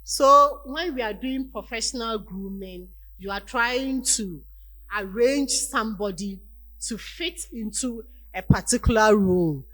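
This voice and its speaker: A woman's voice: a little high, unhurried, a bit bright, rough recording. A woman giving a university lecture on leadership, acting out everyday scenes and asking the class rhetorical questions.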